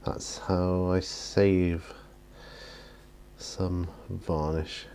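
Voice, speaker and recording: A tired man with a notably deep, low voice talks casually from his home hobby studio while he paints. He rambles in a self-deprecating way and keeps yawning. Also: level tone, extremely slow, gravelly, dark tone, clean tone.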